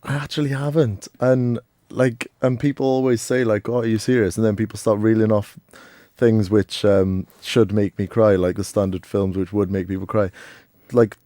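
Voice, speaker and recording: Young man, lower register, dry close mic, rambling chatty guest. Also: little pitch movement, moderate pace, hardly any pauses, warm tone, dry recording. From Wales. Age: young adult. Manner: hesitant, rambling, self-deprecating. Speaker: radio guest. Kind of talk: casual chat.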